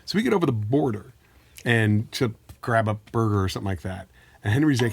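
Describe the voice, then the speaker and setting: Animated storytelling man, husky voice. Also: fairly low pitch, fast, dry recording. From American Midwest. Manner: animated, laughing, acts out quoted voices. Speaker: podcast co-host. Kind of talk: casual storytelling.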